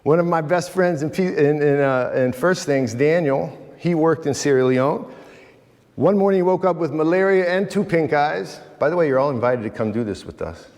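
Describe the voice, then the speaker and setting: Animated man speaking in a reverberant hall. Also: fairly high pitch, moderate pace. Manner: emphatic, addresses audience directly, acts out quoted voices. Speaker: guest speaker at a men's retreat. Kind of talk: animated inspirational talk. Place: large church hall. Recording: live talk in a reverberant hall.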